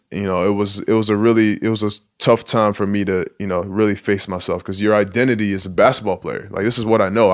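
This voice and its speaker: A man in his twenties from Nigeria, a basketball player speaking candidly and reflectively in a casual interview, with casual swearing. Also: lowish voice. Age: 20s.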